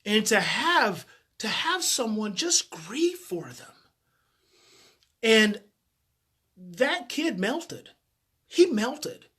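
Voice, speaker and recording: A man's voice: high-pitched, sing-song, very slow, long pauses, sharp tone, breathy edge. A man, a parenting educator, telling a personal story in a heartfelt way and often repeating his phrases.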